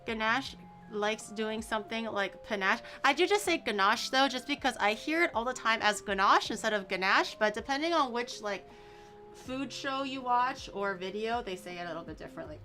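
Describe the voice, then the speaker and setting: A woman's voice: on the high side, lively intonation, normal speed, sharp tone, faint music behind. A woman streamer chatting casually while cooking, playful and teasing, stretching out words to poke fun at pronunciations.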